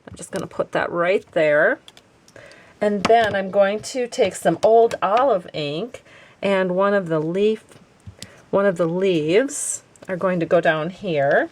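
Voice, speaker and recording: A woman hosting a craft tutorial, chatting warmly and enthusiastically as she explains each card-making step. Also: mid-range voice, slow pace, a little hiss or hum.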